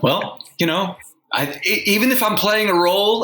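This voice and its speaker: A man's voice: high voice, moderate pace, bright, forceful tone. A male sportswriter co-hosting a podcast, talking in a wry, rambling way with many restarts. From San Antonio, Texas. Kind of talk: casual sports discussion. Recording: roomy echo.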